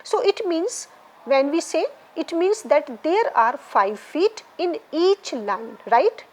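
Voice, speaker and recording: A woman's voice: high-pitched, expressive, takes it slowly, darkish tone, rough recording. A woman lecturing on literature, explaining by repeating key points and often checking in with "right?" and "okay?". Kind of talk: classroom lecture.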